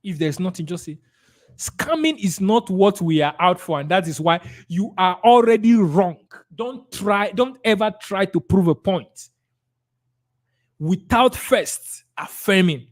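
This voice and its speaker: Speaking a little slowly in a high voice, a Nigerian-accented man runs a sales training webinar live. He reads audience answers from the chat with energy and plays out replies to clients.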